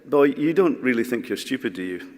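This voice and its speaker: A man quoting a stern, scornful maths teacher from his school days, his voice slow and mocking. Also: medium pitch, expressive, darkish tone, close to an everyday voice. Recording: echoey large hall.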